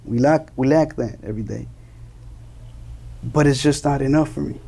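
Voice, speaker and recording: Young man, from Colombia, gravelly, mellow, earnest interview guest, restarts his words. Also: mid-range voice, moderate pace. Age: young adult. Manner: earnest, repeats and restarts words while searching for phrasing. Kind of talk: earnest conversational storytelling.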